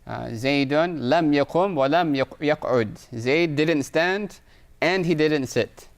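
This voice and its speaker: A man with a fairly high voice, speaking at a normal pace, teaches an Arabic grammar lesson in a recorded online class. He explains patiently, reads Arabic examples aloud, and keeps checking in with "right?"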